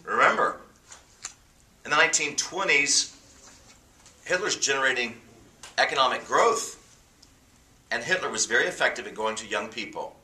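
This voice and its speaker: A pastor preaching a sermon to a congregation, building to emphatic, rising bursts. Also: male voice, lowish voice, pushed and bright, roomy sound, far from the mic, a little hiss or hum.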